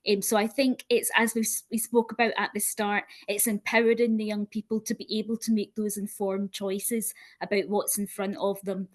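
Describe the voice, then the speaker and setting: A woman who is a school librarian, a guest on a podcast, speaking in a measured, thoughtful way. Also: fairly high pitch, fairly even intonation. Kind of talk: casual podcast discussion.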